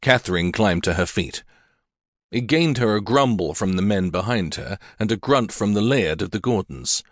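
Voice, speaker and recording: Fairly low in pitch, a male voice narrates a scripted historical romance audiobook with measured, even storytelling. The recording is dry and of studio quality.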